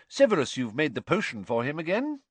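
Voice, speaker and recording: A man puts on a kindly old headmaster with a genial, slightly lifted voice. He sounds cheerful and gently in charge, in a storybook reading. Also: fairly high pitch, huge pitch swings, fairly quick, husky, no echo, pitched above the performer's own voice, full character voice. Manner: genial, mildly raised, gentle.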